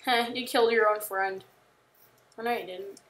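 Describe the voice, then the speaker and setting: Bright-voiced chatty woman gamer. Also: medium pitch, fairly even intonation, moderate pace, slight background noise. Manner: chatty, rambling, jokey, with sudden panicked yells. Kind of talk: casual gameplay commentary.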